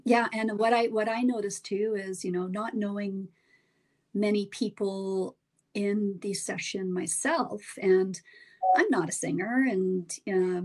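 A woman's voice: mid-range voice, darkish tone. A woman who took part in a voice workshop, speaking thoughtfully in an interview and slipping at times into a half-whisper. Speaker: workshop participant, guest. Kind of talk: conversational interview.

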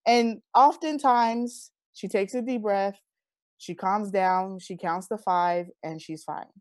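A woman in her thirties speaks as an interview guest, earnest and heartfelt as she recounts her life. Her voice sits at an average pitch. The sound is dry and close, with no room around it. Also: slow pace, no echo. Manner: earnest, heartfelt, animated retelling. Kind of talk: personal storytelling in conversation.

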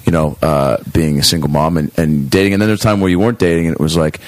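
A man's voice: rumbling low, steady tone, fast talker, dry recording. A man hosting a casual podcast at home, telling rambling stories full of restarts. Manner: rambling, self-interrupting anecdotes. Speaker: podcast host. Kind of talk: casual storytelling.

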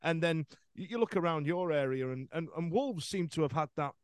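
A man's voice: a little high, animated, a little fast, dry recording. A man hosting a football podcast in casual chat, rambling with many restarts. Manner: rambling, lots of restarts and fillers.

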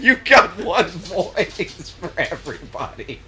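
A man hosting a podcast in casual chat with friends, laughing often and breaking into loud bursts of protest. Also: high-pitched, sing-song, slow, faint music behind. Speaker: podcast host.

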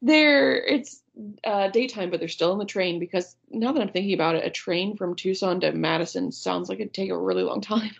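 A woman's voice: mid-range voice, brisk, gravelly, slightly rough, muffled recording. A woman in her thirties, a podcast co-host, chatting casually and retelling movie scenes with frequent laughs. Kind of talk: casual chat about a movie.

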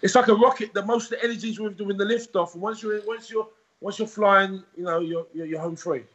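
A man talks as a podcast guest, circling back over his words in a rambling, animated way. His voice sits fairly high and sounds husky. The audio is a little dull and lo-fi. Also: brisk. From United Kingdom. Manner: rambling, repetitive, animated storytelling. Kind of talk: casual podcast interview.

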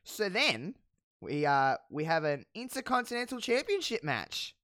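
Animated host with a dry close sound. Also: mid-range voice, measured pace, no echo. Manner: animated storytelling, profane, laughing. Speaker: podcast host recapping wrestling. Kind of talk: casual chat.

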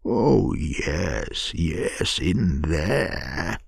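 A man voicing an impulsive, boastful male toad who speaks excitably, in a whispered bedtime story. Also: sits low, drawn-out words, gravelly, breathy edge, no echo, clean studio sound, heavily acted. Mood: defiant. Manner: excitable, pleading.

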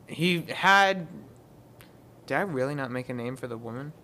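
A man's voice: mid-range voice, steady tone, racing, a little hiss or hum. A man narrating as game master in a casual tabletop game, loose and stumbling over his words. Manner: loose, stumbling, laughs often.

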